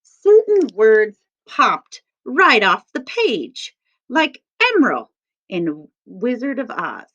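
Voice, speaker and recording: A woman teacher reading a picture book aloud to children, stressing each word slowly in a sing-song way. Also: fairly high pitch, big pitch swings, fairly bright tone. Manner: slow, sing-song emphasis on words. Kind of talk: read-aloud lesson for children. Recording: dull lo-fi sound.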